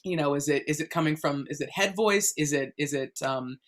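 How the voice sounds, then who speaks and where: A woman's voice: sits low, fairly quick. Chatty woman explaining her craft. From United States. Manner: explanatory, chatty, many fillers and restarts. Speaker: guest voice actor. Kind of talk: interview answers.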